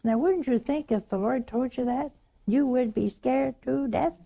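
Slow, mellow-voiced Southern woman preaching. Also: sits high, creaky. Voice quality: animated, storytelling, drops to hushed tones for quotes. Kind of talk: sermon.

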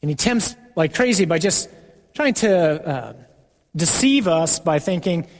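Man preaching, earnest and emphatic, higher voice, big echoey hall. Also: animated, a little slow. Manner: earnest, emphatic, repeats key phrases. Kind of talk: sermon. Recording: long hall reverb.

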